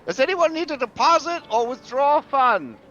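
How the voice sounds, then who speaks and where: A man's voice: very high voice, lively intonation, normal speed, sharp tone, highs cut off, pitched above the performer's own voice, full character voice. A man voicing a nervous, flustered bank teller who stammers and hesitates.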